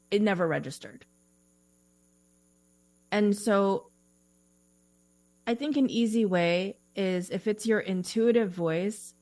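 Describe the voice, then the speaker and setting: A woman's voice: mid-range voice, a little mellow, no echo. A woman career coach talking casually as an interview guest, explaining with examples and laughing easily.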